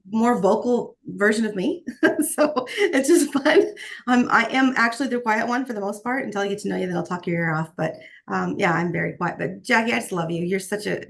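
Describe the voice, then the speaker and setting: A woman's voice: medium pitch, brisk, vocal fry. A woman giving an earnest, faith-filled motivational talk on a video call, often restarting her sentences. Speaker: guest speaker.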